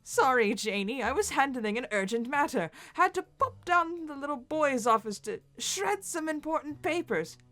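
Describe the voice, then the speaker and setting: A woman's voice: sits high, lively intonation, normal speed, few pauses, fairly bright tone, pitched above the performer's own voice. A woman voicing a smug young man with a put-on English accent, talking in a mock-formal, pompous way. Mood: breezy.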